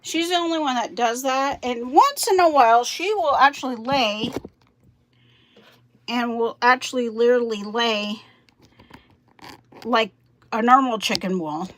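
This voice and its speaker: A woman's voice: on the high side, measured pace, pauses often, a bit bright, a little hiss or hum. A woman vlogging outdoors about her backyard chickens, chatting in a rambling way while doing chores and getting out of breath. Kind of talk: casual vlog.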